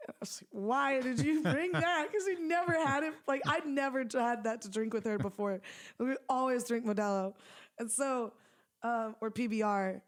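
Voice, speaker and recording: A woman's voice: a little high, normal speed. A young woman musician chatting in an interview, rambling with lots of "like" fillers and frequent laughs. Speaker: musician guest. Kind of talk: casual interview chat.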